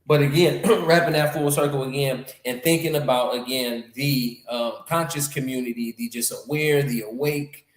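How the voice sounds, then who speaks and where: A man hosting a casual podcast talk, animated and slangy, often repeating his phrases. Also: mid-range voice, normal speed, hardly any pauses. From North America. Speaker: podcast host. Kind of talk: casual conversation. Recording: echoey room.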